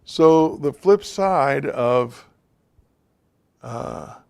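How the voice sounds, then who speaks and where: A man's voice: medium pitch, lively intonation, drawn-out words, gravelly, a little mellow, smooth. A man giving an informal, direct talk to a class of men, speaking to them plainly as guys and fellas. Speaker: teacher of a men's class.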